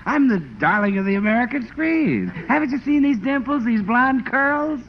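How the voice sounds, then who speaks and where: Loud salesy announcer guy, high bouncy voice, hissy muffled old radio. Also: animated, normal speed. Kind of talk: 1940s radio comedy acting.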